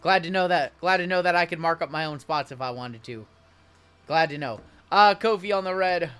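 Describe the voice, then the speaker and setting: Bright-voiced man hosting a card break. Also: fairly high pitch, moderate pace, clear, resonant tone. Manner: chatty, rattles off cards and spots while joking with viewers. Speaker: sports card break host. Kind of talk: live-stream card break commentary.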